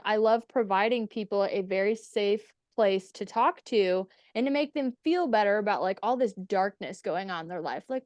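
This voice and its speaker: As a podcast guest, a young woman tells stories candidly and profanely, acting out what people said. Her medium-pitched voice is a little mellow, the recording has no room sound, and the format is a casual storytelling interview.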